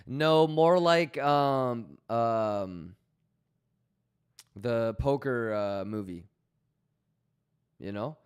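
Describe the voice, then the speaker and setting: A man's voice: medium pitch, drawn-out words, pauses often, clean tone. A man hosting a live stream, joking around loosely with swearing and greeting viewers by name. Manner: loose, profane banter reading chat messages aloud; hyped, calling out viewers by name. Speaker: livestream host. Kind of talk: casual livestream chat.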